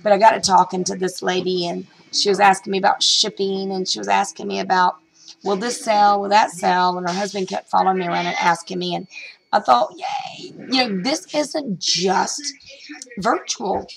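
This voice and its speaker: A woman's voice: mid-range voice, steady tone, a little fast, vocal fry, poor audio. A middle-aged woman vlogging about reselling, telling a story in a rambling, chatty way with lots of fillers and restarts. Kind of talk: casual storytelling vlog.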